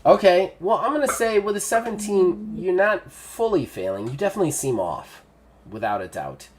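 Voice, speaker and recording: A man's voice: high voice, big pitch swings, moderate pace, slight background noise. A man running a tabletop game as game master, talking casually and rambling, with lots of fillers.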